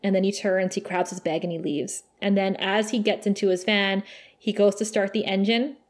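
A woman's voice: mid-range voice, fairly even intonation, normal speed. A woman co-hosting a casual podcast, recapping a TV episode in an emotional, gushing way and laughing often. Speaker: podcast co-host.

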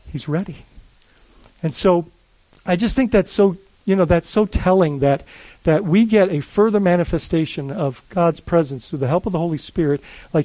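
A man who is a lead pastor, preaching a sermon in a conversational, animated way, often restarting his phrases. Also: on the high side, dry recording, lo-fi sound.

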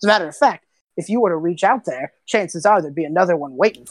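A woman voicing a short, gruff old male lighthouse keeper with wild white hair, who talks bluntly and impatiently. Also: on the low side, animated, quick pace, no room sound.

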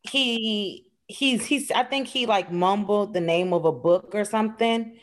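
A woman's voice: medium pitch, a little slow, a crowd in the background. A woman co-hosting a casual chat, asking hesitant questions with many fillers. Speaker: podcast co-host.

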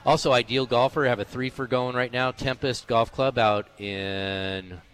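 A man's voice: mid-range voice, steady tone, unhurried, a bit bright, clear, resonant tone, soft background music. A man hosting a golf show on sports radio, talking casually and emphatically, rambling with fillers through ads and chat. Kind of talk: casual sports radio talk with live reads. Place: radio studio.

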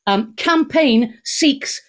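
A woman's voice: sits high, lively intonation, drawn-out words. A woman hosting a radio talk show, chatty and cheeky, laughing often and tossing off jokes. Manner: bubbly, jokey, cheeky asides, laughs often.

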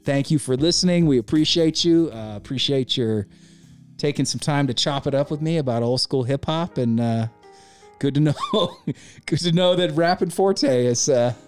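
A man hosting a podcast, telling a story in a laid-back, slangy way with lively energy. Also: a little high, moderate pace, soft background music. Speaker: podcast host. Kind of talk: casual storytelling.

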